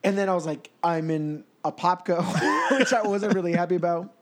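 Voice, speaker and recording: A young adult man hosting a casual podcast, telling an animated story and laughing often. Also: high-pitched, a little fast. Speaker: podcast host.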